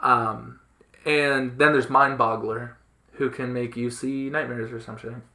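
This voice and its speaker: A man's voice: mid-range voice, fairly even intonation, a little slow, bright, forceful tone. A man hosting a casual podcast chat, explaining things enthusiastically with lots of fillers and restarts. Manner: enthusiastic, rambling, many fillers. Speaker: podcast host. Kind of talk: casual chat about comics.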